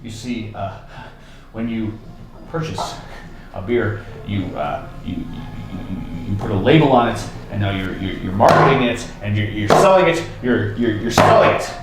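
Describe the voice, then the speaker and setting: Man co-hosting, rambly, lively voice, very echoey pub, music behind. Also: fairly low pitch, normal speed. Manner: rambling, stumbling over repeated words. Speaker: co-host. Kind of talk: casual chat.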